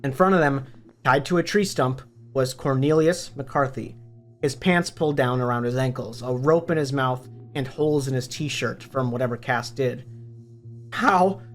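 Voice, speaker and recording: A man's voice: medium pitch, normal speed. A man, a book reviewer, retelling a novel's story in a plain, matter-of-fact way. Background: faint background music.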